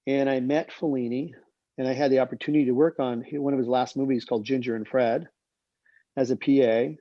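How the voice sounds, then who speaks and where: A man's voice: medium pitch, fairly even intonation, a little fast, dry recording. A man in his sixties, a film director, telling rambling career anecdotes and acting out the quoted dialogue. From United States. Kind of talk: casual anecdotal storytelling. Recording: dull lo-fi sound.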